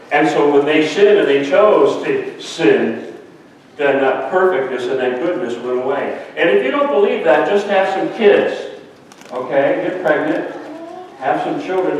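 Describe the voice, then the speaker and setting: A man's voice: fairly high pitch, slight background noise. An older man, a grandfather and pastor, preaching a sermon with playful asides and stories told to the congregation. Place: church sanctuary. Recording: echoey church hall from far off.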